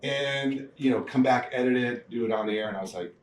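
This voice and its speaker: A man telling stories from his career in a casual interview, animated, laughing often and acting out the people he quotes. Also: mid-range voice, a little fast. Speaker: guest, TV producer. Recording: echoey room, mic at a distance, faint noise.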